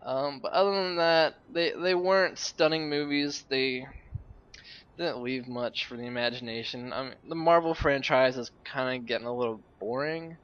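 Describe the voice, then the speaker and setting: A man's voice: mid-range voice, moderate pace, a bit bright. A young man rambling casually about films while playing a game, offhand and swearing now and then. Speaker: gamer and uploader. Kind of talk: rambling casual commentary over gameplay. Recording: lo-fi home mic.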